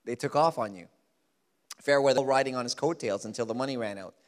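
A man preaching a sermon, stressing key lines slowly and acting out the people he quotes. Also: medium pitch. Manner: emphatic, repeats key lines slowly, acts out quoted voices. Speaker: pastor.

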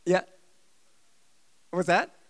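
A man preaching a sermon, emphatic and lively, repeating his key phrases. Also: slow. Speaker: pastor.

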